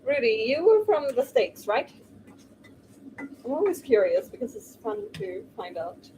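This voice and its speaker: Picked up by a distant mic over a noisy background, a young Swedish woman streams while she cooks, chatting casually. Her voice sits on the high side, sing-song and a little slow. She's chatty and exclamatory, and she laughs easily.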